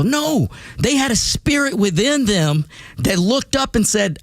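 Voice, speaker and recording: Guy on talk radio going off in a monologue, pitch jumping all over, keeps tripping on words, dry close studio sound. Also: normal speed, dry recording. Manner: animated, with stammered restarts and repeated words. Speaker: radio talk show host. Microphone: studio microphone.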